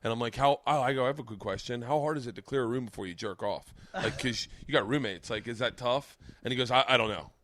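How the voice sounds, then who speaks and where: A man's voice: mid-range voice, fast talker. A man hosting a podcast, telling stand-up stories in casual chat and acting out the people in them. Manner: animated, profane storyteller who acts out the people in his stories. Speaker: podcast host and comedian.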